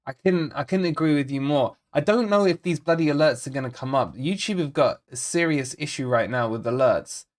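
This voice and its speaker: A man's voice: on the high side, expressive, fairly quick, few pauses. A man hosting a live football watch-along, chatting casually to viewers, rambling and repeating himself as he frets over the team and reads out chat messages. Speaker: fan channel host.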